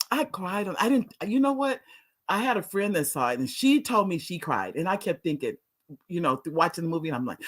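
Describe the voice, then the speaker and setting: A woman's voice: lowish voice, big pitch swings, moderate pace. A middle-aged woman hosting a casual live talk show, chatting with viewers, restarting sentences and laughing often. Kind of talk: casual live-stream chat reading viewer comments.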